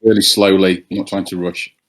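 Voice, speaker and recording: A man playing a tabletop game, talking casually and thinking aloud with hesitant pauses. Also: sits low, level tone. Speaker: player.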